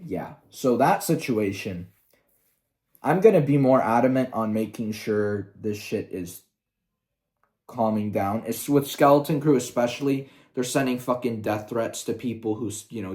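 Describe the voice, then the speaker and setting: Heated, profane young man ranting. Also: fairly low pitch. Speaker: YouTuber. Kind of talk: ranting video commentary.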